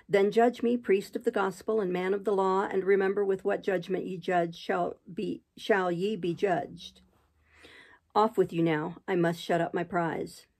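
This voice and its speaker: A woman voicing a bitter, commanding gentleman of the house, forceful and scornful, in a storybook reading. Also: fairly low pitch.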